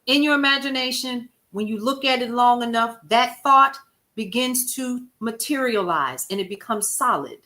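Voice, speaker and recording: A woman talks to her livestream audience in a relaxed, folksy way. Her voice sits a little high and sounds bright and forward. She tells stories with animated, quoted asides and calls out names from the chat. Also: moderate pace. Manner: expressive, folksy, animated storytelling with chat shout-outs. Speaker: livestream host. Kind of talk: casual livestream talk to viewers.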